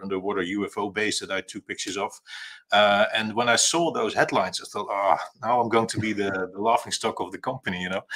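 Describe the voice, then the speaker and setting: A man in his thirties from the Netherlands with a Dutch accent, a cargo pilot speaking as a guest on a video call, halting and full of fillers and restarts. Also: on the low side, bright, forceful tone. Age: 30s. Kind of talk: casual interview talk.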